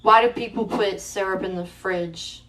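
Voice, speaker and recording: A woman's voice: medium pitch, fairly even intonation, moderate pace, very noisy. A young adult woman hosting a livestream, chatting casually in a playful, rambling, giggly way. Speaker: livestream host.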